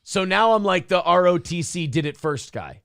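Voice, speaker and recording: A man co-hosting a podcast, telling stories in a sarcastic, animated way and putting on mocking voices for the people he quotes. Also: high-pitched, normal speed, vocal fry, dry recording, studio quality. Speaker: podcast co-host. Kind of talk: casual chat.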